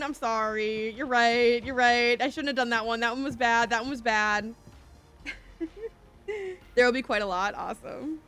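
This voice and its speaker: A woman's voice: sits high, fairly bright tone. A young woman streaming a shop game, chatting casually and giggly, reading chat aloud and slipping into a playful whiny voice. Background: game music.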